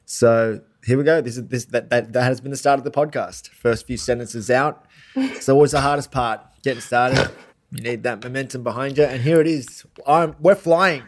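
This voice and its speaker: A man's voice: mid-range voice, normal speed. A man with an Australian accent, hosting a podcast in a playful, rambling way with many fillers. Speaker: podcast host. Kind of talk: casual podcast chat.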